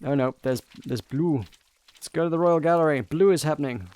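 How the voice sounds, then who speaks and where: A man's voice: on the high side, a little fast, darkish tone, dry recording. A man hosting a casual gameplay commentary, chatty and amused, reading game lines aloud as he goes. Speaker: gameplay host. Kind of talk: casual let's-play commentary.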